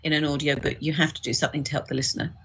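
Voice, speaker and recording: A woman's voice: low voice, level tone, rapid-fire, breathy edge, muffled recording. A woman, an audiobook director, explaining her work in a casual discussion with frequent restarts. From United Kingdom.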